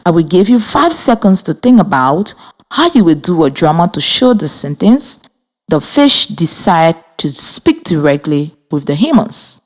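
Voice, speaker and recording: A woman from Liberia teaching a children's reading lesson over radio, speaking slowly and clearly with encouragement. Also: on the low side, very animated. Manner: slow, clear, encouraging, spells and claps out words. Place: radio studio with students.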